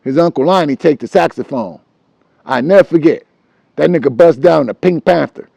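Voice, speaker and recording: A middle-aged man, telling a childhood story in a loose, animated way and humming tunes as he goes. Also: a little high, normal speed, creaky, no room sound, lo-fi sound. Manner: animated and loose, acts out voices and hums tunes. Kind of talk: casual storytelling.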